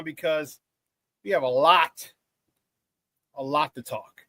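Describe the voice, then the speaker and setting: A man hosting a morning sports talk show, chatting casually with hype-man energy, greeting viewers and shouting out the chat. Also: high voice, moderate pace, no room sound.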